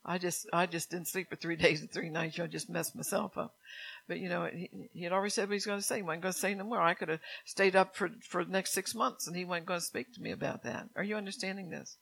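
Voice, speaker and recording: A woman's voice: on the low side, quick pace, creaky, fairly bright tone, husky, rough recording. A middle-aged woman preaching a sermon in church, chatty, asking the congregation questions and laughing often.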